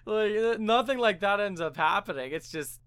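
A woman's voice: medium pitch, animated, moderate pace, smooth, dry recording. A woman co-hosting a podcast, chiming in casually with wry jokes and comments. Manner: wry, chimes in with jokes and sound effects. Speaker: podcast co-host. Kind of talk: casual chat.

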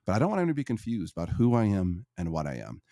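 Middle-aged guy, low warm voice, heartfelt and earnest, dry close sound. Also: wildly swooping pitch, quick pace, vocal fry, no echo. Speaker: guest, Catholic life coach for men. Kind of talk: earnest interview answers.

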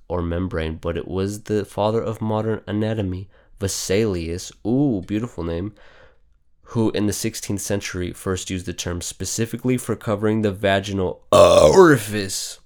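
A man's voice: low voice, steady tone, normal speed, darkish tone, clean tone. A man hosting a casual news commentary show, reading headlines aloud and reacting bluntly with heavy swearing. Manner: blunt, outspoken. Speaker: host.

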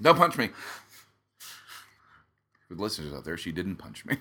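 A man's voice: low voice, big pitch swings, moderate pace, bright, forceful tone. A man co-hosting a podcast in casual banter, joking and rambling with many fillers and restarts, close to a studio mic. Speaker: podcast co-host. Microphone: studio microphone close up.

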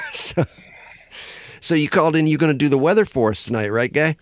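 A man's voice: fairly high pitch, moderate pace, dry recording, studio quality. A man hosting a comedic talk radio show, bantering and laughing often. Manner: giggly, lively, bantering.

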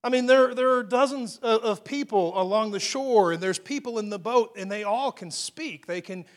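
A man's voice: sits high, normal speed. A male pastor giving a sermon in a conversational way, with frequent restarts and casual asides.

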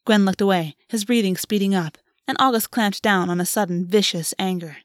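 A woman narrating a fantasy story aloud in a steady, even audiobook reading. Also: medium pitch, a little fast, no room sound, clean studio sound.

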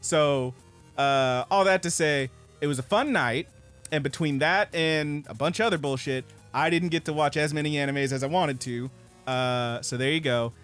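Casting note: man, podcast co-host, swearing, lively storyteller, mid pitch, faint music underneath. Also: normal speed, clean tone. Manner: profane, animated storyteller acting out others' lines.

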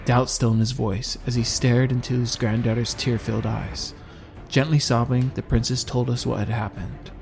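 A man narrating a first-person audiobook in a steady, measured reading. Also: medium pitch, gravelly, faint music behind.

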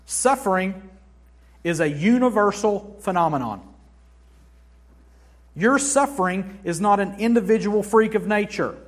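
A man with a fairly high, husky voice preaches a sermon in a church. His delivery swings from quiet, intimate lines to punchy, forceful emphasis as he drives each point home. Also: measured pace, pauses often. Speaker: pastor.

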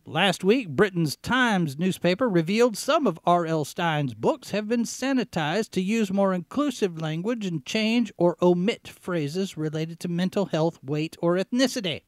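A man hosting a talk show, giving sarcastic commentary as he reads out headlines, often clearing his throat and restarting his sentences. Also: high voice, animated, a little slow, hardly any pauses, no room sound, clean studio sound. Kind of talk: opinionated commentary, reading headlines.

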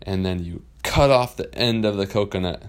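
A man doing a loud, gruff pirate captain. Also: low-pitched, normal speed, lightly acted. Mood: blustery. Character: gruff male pirate captain, big and grumpy.

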